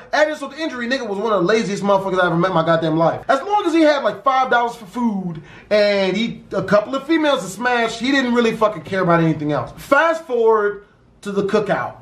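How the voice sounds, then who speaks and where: High-voiced man telling a profane story. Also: fast. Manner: profane, animated street slang. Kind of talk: casual story time. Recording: roomy echo.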